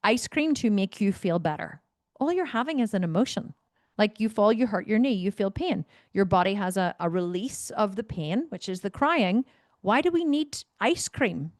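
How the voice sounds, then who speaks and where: A woman's voice: mid-range voice, expressive, normal speed, a little mellow, no echo, studio quality. A woman, talking bluntly and emphatically as a fitness coach on her solo podcast, swearing freely.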